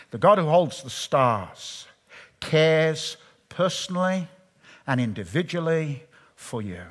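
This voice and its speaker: A man preaching a sermon, telling stories animatedly and dropping to a hush at times. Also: a little high, breathy edge. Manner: animated storytelling, shifts from hushed to loud. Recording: long reverb of a large hall.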